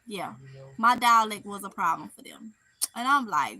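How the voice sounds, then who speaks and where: A woman with a Mississippi Southern accent vlogs on a live stream, chatting casually and reading viewer comments aloud, animated and laughing often. Her pitch is fairly high, and she speaks at a normal speed.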